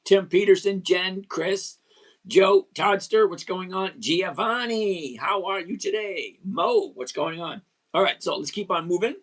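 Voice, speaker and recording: A man hosting a casual trading livestream, hoarse after singing, chatting, greeting viewers and explaining step by step. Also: high voice, animated, unhurried, fairly bright tone. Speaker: livestream host.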